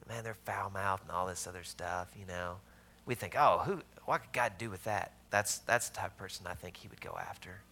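Southern US pastor, fairly low gravelly voice, animated storytelling sermon. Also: male voice, brisk. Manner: storytelling, shifts between loud emphasis and hushed asides.

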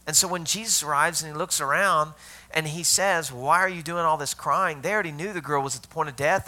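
A pastor with a fairly high, sharp-toned voice preaches a sermon, telling the story conversationally. He asks his listeners questions and drops to a whisper for the tender moments.

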